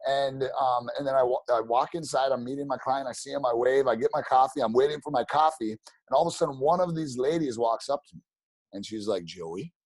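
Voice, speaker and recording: A man telling stories as a podcast guest, animated and rambling, with many restarts. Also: medium pitch, quick pace, no echo. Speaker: podcast guest, real estate agent. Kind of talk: casual storytelling interview.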